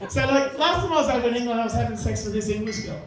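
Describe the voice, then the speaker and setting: A man's voice: very high voice, lively intonation, very fast. Male stand-up, crude and chatty, live pub room with heavy echo, distant mic. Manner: crude, conversational, banters with the crowd. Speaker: stand-up comedian. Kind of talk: stand-up comedy set. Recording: echoey room, mic far off. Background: audience laughter.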